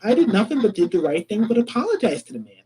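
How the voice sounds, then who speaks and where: A man's voice: high-pitched, very animated, fast talker, mellow, breathy edge. A man heard in a played clip, talking defensively and with exasperation, swearing as he goes.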